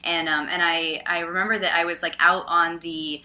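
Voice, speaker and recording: Bright, animated woman telling a story. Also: on the low side, moderate pace. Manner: animated, loud, many fillers like "like" and "um". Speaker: podcast co-host. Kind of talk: casual storytelling chat.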